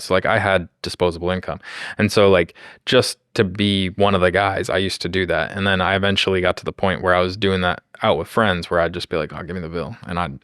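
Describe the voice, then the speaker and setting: A man's voice: low-pitched, a bit bright, smooth, no echo, clean studio sound. A man in his thirties co-hosting a podcast, talking in a laid-back, wry way and chiming in with jokes. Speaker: podcast co-host. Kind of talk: casual podcast chat.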